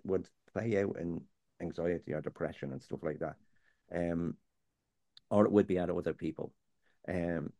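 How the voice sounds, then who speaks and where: A man's voice: deep voice, mellow, dry recording, clean studio sound. A man, talking earnestly and plainly as a guest on a faith topic, sometimes digressing. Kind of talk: candid conversational chat.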